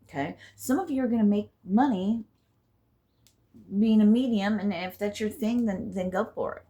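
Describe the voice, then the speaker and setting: A woman giving a casual spiritual card reading to her viewers. She rambles and swears freely, and swings between loud bursts and hushed asides. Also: mid-range voice, normal speed. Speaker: intuitive card reader and healer.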